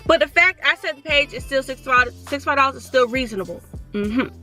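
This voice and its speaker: Young woman, sore throat, animated storytime, faint music behind. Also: high voice. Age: 20s. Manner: animated, reads messages aloud, talks fast. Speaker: vlogger. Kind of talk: casual storytime.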